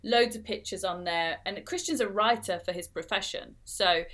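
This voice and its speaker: A woman's voice: medium pitch, normal speed, a bit bright. A woman in her thirties co-hosting a podcast, telling a personal story in casual chat with lots of fillers and restarts. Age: 30s. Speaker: podcast co-host.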